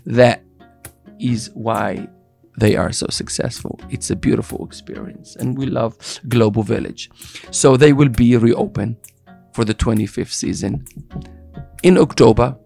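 Joking guy hosting a chat show, average pitch, soft music behind. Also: unhurried, vocal fry. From expat living in Dubai. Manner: playful, joking, fond of trying silly accents. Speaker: show host. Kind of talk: casual chat.

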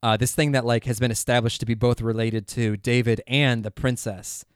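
Male podcast co-host, mid-pitch, dry close sound, animated and chatty. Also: normal speed, smooth, no echo. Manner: animated, acts out scenes with quoted voices. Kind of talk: casual chat.

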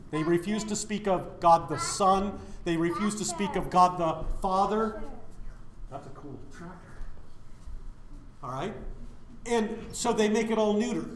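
A man's voice: sits high, normal speed, echoey room. A man preaching a sermon, putting questions to his listeners and answering them himself.

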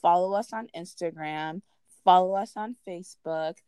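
A woman's voice: lowish voice, moderate pace, warm tone, smooth, dry recording. A young woman co-hosting a casual podcast, playful and teasing, laughing often as she talks. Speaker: podcast co-host. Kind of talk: casual chat.

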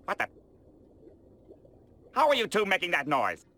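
A man's voice: sits high, wildly swooping pitch, measured pace, exaggerated voice. A man voicing a grumpy, irritable squid neighbor in a cartoon, sneering and annoyed. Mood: irritated. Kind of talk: cartoon voice acting. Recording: noisy cartoon clip from afar.

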